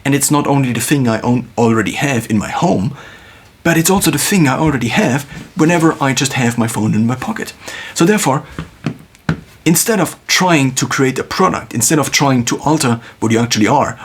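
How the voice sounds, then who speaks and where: A man thinking aloud in a reflective solo monologue, musing with pauses and restarts, recorded on a phone. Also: mid-range voice, expressive, slightly rough. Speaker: video creator.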